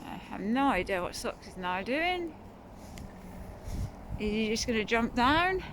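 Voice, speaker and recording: A woman filming her cat in a cold outdoor garden on her phone, cooing at it in a high sing-song. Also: sing-song, a little slow, noisy background. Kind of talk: casual vlog talk to a pet. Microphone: phone camera held by her.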